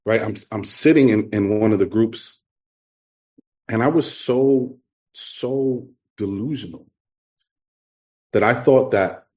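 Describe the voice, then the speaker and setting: A middle-aged man from New York with a New York accent, telling his recovery story to a meeting in an earnest, halting way. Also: fairly low pitch, darkish tone. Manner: earnest, halting, repeats himself. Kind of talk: personal testimony talk.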